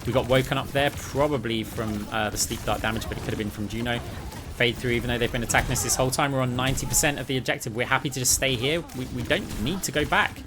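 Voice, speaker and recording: Gaming creator, male, mid-pitched voice, eager play-by-play commentary over loud game music. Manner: quick, excited play-by-play with asides to viewers. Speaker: gaming YouTuber. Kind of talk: gameplay commentary. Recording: clear game music underneath.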